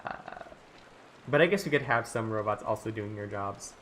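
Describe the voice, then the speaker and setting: A casual streamer muses aloud while working on a story, with sentences that wander and double back. The voice sits in an ordinary middle pitch. A soft patter of rain runs quietly behind it. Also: normal speed, slight background noise. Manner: rambling, full of "like" fillers and restarts. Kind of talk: casual live-stream chat while writing.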